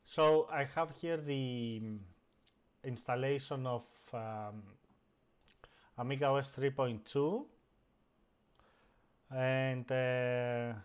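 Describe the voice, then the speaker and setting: A man hosting a casual live stream, narrating each step of a computer task as he does it. He speaks slowly at a middle pitch and stops often to search for words. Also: fairly even intonation, clear, resonant tone. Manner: hesitant, many fillers and restarts while operating the computer.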